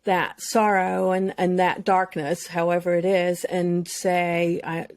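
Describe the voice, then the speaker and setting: A woman's voice: lowish voice, flat delivery, slow pace, no room sound. A woman, a mental health expert, speaking candidly and emotionally as a guest on a podcast. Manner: earnest, emotional, speaks in long flowing runs.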